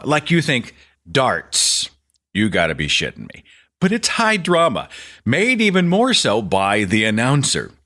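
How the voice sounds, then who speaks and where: A man's voice: mid-range voice, pushed and bright. A man hosting a podcast, telling rambling, self-deprecating stories in a casual stream-of-consciousness monologue. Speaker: podcast host.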